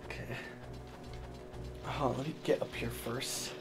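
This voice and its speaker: A young man hosting a let's play, talking casually and swearing loudly at the game. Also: medium pitch, fairly even intonation, gravelly, over loud music. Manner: loud, profane, quick frustrated outbursts. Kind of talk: casual gameplay commentary.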